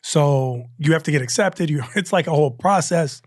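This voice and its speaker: A male comedian guest telling stories in a casual, animated chat, full of quick asides and restarts. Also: on the high side, no room sound, studio quality.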